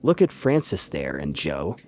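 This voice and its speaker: A man's voice: extremely low pitch, big pitch swings, unhurried, mellow, pitched below the performer's own voice, full character voice. A man reading a breezy, flippant English society woman in an audiobook, with clipped, airy upper-class phrasing. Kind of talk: audiobook character voice.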